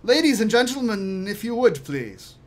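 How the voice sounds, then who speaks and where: A man's voice: high voice, very animated, moderate pace, pitched above the performer's own voice. A man voicing a polite male servant who speaks formally and courteously.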